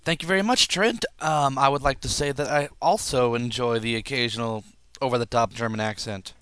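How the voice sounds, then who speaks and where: A man co-hosting a casual podcast, joking in a dry, deadpan way. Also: medium pitch, a little fast, a little hiss or hum. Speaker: podcast co-host. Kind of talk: casual chat.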